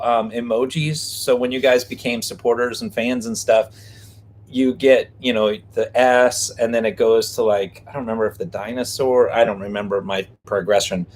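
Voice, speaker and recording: A man's voice: medium pitch, fairly even intonation, moderate pace, slight background noise. A man co-hosting a live stream from a parked vehicle, talking casually and playfully, joking with viewers. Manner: playful, jokey, rhyming name games. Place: parked vehicle behind a restaurant.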